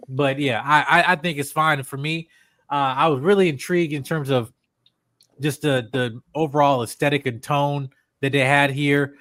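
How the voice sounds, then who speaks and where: Animated man chatting on a stream. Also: on the high side, dry recording. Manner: animated, laughing, many fillers. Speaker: guest panelist. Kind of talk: casual live-stream chat.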